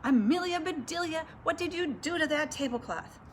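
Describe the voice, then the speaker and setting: Storybook lady of the house, exasperated and scolding, as a woman reads her, lively high voice. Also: moderate pace, a little hiss or hum. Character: flustered proper lady of the house. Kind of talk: reading a picture book aloud.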